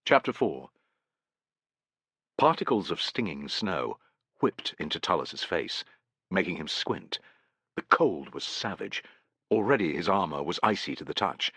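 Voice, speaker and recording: A man's voice: low-pitched, sing-song, measured pace, pauses often, pushed and bright, slightly rough, no room sound. A man narrating a historical war novel in a scripted, dramatic reading. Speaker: audiobook narrator.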